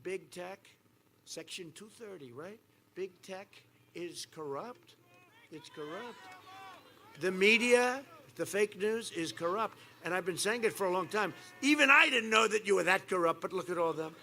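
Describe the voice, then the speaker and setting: Older guy at an outdoor rally, gravelly bright voice, boastful, repeats himself, goes quiet then loud. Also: high voice, expressive, normal speed. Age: 70s. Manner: boastful, repetitive, swings from quiet asides to loud attacks. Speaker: rally speaker. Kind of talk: campaign rally speech. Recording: faint background noise at an outdoor rally.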